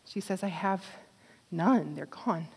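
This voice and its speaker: A woman preaching a sermon with passion, swinging from fervent exhortation to quiet, intimate appeals. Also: fairly low pitch, slow, slightly rough. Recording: long hall reverb.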